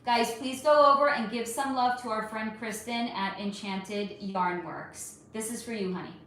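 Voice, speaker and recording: Chatty livestream lady, kinda high voice, swears a lot, says honey, super echoey room w faint hum. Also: moderate pace, fairly bright tone. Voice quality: chatty, frequent swearing, calls viewers honey. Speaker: livestream host. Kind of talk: casual live-stream chat reading comments.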